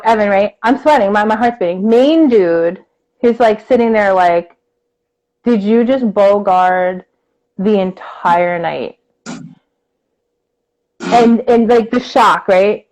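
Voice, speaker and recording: Animated woman telling a story. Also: a little high, unhurried, poor audio. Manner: animated, acts out the people in her story, many fillers. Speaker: co-host. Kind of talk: casual storytelling chat.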